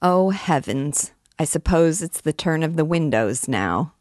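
A man's voice: a little high, animated, unhurried, a little mellow, no echo, clean studio sound. A woman voicing a vain, frustrated male poet who grumbles and complains in an exasperated way. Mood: despairing.

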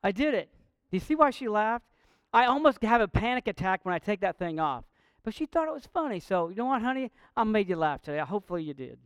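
A man's voice: sits high, big pitch swings, fast, clear, resonant tone, no echo. A man preaching a sermon, earnest and direct, mixing light jokes with a call to faith. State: out of breath. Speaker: pastor.

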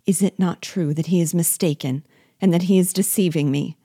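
A woman's voice: lowish voice, steady tone, a little slow, warm tone, breathy edge, no echo, clean studio sound. A woman reading the part of a terrified young wife who pleads in anxious, faint questions. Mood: pleading.

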